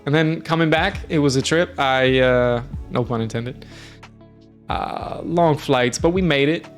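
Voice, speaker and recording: With soft music behind him, a man from the United States tells travel stories indoors in an unhurried, mid-range voice. The streamer host, who lives in Norway, keeps it friendly and rambling, scattering fillers throughout his casual storytelling.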